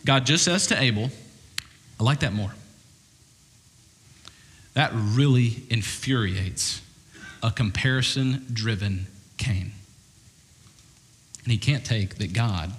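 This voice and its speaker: A man pastor preaching a sermon to a congregation in an animated, conversational way, with jokey asides. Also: fairly low pitch, measured pace, pauses often, big-room sound. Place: church hall with congregation.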